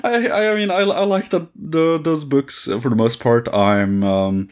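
A man in a casual podcast conversation, pausing and restarting often as he talks. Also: a little high, clean tone. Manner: hesitant, many fillers and restarts.

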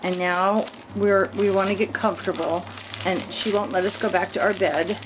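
A woman's voice: medium pitch, fairly even intonation, normal speed, lightly acted. Woman voicing a sleepy, restless puppy litter. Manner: speaking as the puppies. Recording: noisy home camcorder recording.

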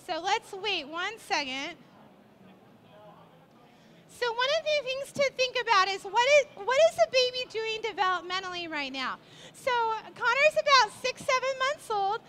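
A middle-aged woman, a portrait photographer, teaching live on a stage at a trade show, cooing at a baby and coaching the family as she shoots. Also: very high voice. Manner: directing the family, warm and encouraging.

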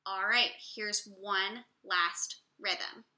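A woman music teacher giving a slow, clear, encouraging lesson to young children. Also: mid-range voice, steady tone, pushed and bright, reverberant.

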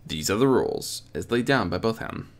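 Man doing a soft, gentle stallion guide in a cloak, mysterious, low gravelly voice, storybook reading. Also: expressive, normal speed.

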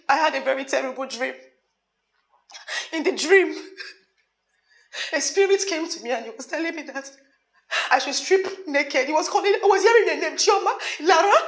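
A woman's voice: high-pitched, vocal fry, roomy sound. An actress with a Nigerian accent playing a remorseful woman who begs her friends to forgive her, swinging between pleading and frantic laughing. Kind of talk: Nollywood film acting.

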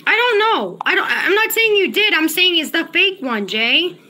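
A woman's voice: very high-pitched, big pitch swings, normal speed, bright, forceful tone. A woman livestreaming and talking to her chat, agitated and profane, often repeating herself. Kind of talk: casual livestream chat, reading chat.

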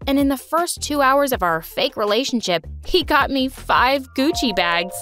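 A young woman narrating her own animated story in a dramatic, sarcastic first-person way. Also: sits high, moderate pace, few pauses, faint music behind. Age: young adult.

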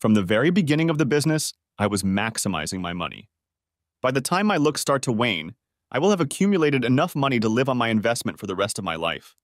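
A man voicing a confident, charming young woman who talks in a smooth, self-assured way. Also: mid-range voice, big pitch swings, fast talker, dry recording, studio quality, close to an everyday voice.

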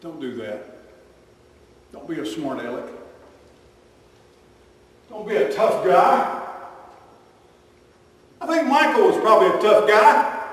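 A male preacher delivers an animated sermon, acting out the voices in his stories. His fairly high voice rings through a large hall with a long, echoing tail. He sounds some distance from the mic. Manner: animated storytelling with acted-out voices. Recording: echoey hall from far off.

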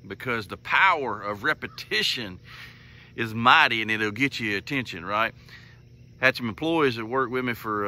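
A man's voice: medium pitch, sharp tone. A middle-aged man, hosting a morning devotional commentary in a folksy, homespun storytelling manner. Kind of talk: casual faith talk.

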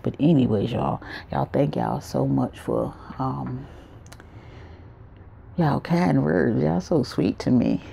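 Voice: mid-range voice, takes it slowly, creaky, warm tone, slight background noise. A vlogger, rambling casually straight to the viewers through a handheld phone camera. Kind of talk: casual vlog talk to viewers.

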